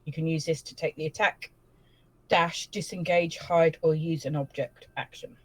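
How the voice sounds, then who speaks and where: A woman's voice: low voice, fairly even intonation, normal speed, no echo, low-quality recording. A woman playing a tabletop game, describing her character's actions in third person and reading out rules. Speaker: player.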